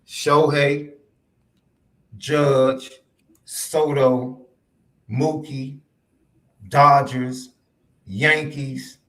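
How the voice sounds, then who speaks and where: A man's voice: medium pitch, level tone, very slow, long pauses, a bit bright. A man co-hosting a sports podcast in casual debate, teasing his partner and repeating points for emphasis.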